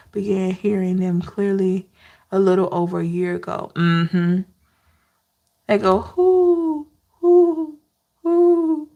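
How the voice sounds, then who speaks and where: A woman's voice: mid-range voice, vocal fry. A woman tarot reader chatting casually with viewers on a livestream, often laughing and reading out names from the chat.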